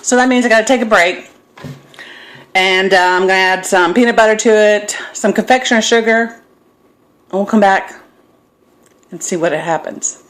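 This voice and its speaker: A woman's voice: mid-range voice, moderate pace, long pauses, a bit bright. A middle-aged woman in her home kitchen, recording a casual cooking vlog on her phone and wandering into self-deprecating stories. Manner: rambling, self-deprecating storyteller. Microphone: phone camera.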